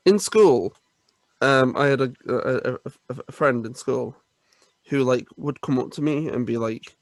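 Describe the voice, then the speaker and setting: A man's voice: mid-range voice, a little slow, no echo, clean studio sound. A young man co-hosting a podcast in casual chat, who stammers and laughs often. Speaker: podcast co-host.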